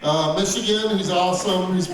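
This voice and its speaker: Man, comedy show host, high voice, casual and upbeat, echoey room, heard from far back. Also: normal speed. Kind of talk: closing announcements. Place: comedy venue with a live audience. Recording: echoey room taped from far off on an old camcorder.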